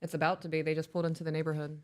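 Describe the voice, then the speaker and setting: Blunt, clear-voiced woman co-host. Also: deep voice, flat delivery, rapid-fire. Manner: candid and blunt, with swearing. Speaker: podcast co-host. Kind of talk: casual live-stream chat.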